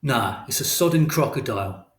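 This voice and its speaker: A man's voice: mid-range voice, lively intonation, normal speed, close to an everyday voice. A man voicing a curt, impatient male shopkeeper, in a roomy-sounding audiobook recording. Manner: curt, brusque slangy retorts. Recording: roomy echo.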